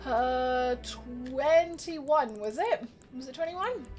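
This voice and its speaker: A woman's voice: sits high, animated, extremely slow, darkish tone, faint music behind. A young woman livestreaming a game, chatting casually and bubbly, answering her viewers by name and laughing often. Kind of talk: casual live gameplay commentary.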